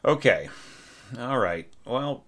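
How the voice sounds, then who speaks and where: Slow but animated, this man's slightly bright mid-range voice delivers a casual spoken critique of a student's orchestration score. He restarts hesitantly as he thinks aloud, breaking into short sung phrases on nonsense syllables.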